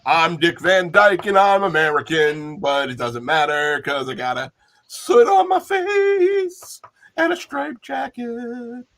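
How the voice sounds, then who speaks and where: A man playing a jaunty chimney sweep in an impression of a film actor, with a slow, sing-song delivery. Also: high-pitched, very animated, a bit bright, heavily acted.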